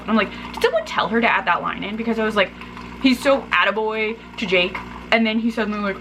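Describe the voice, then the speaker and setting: A tired book vlogger chats casually to her camera at home in the early morning while making coffee, rambling with fillers and growing heated as she rants about the plot. Her medium-pitched voice is animated and fairly quick, with background noise.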